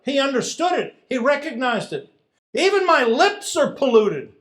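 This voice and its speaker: A man preaching a sermon as pastor, animated, swinging from hushed lines to loud emphatic ones. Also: very high-pitched, moderate pace.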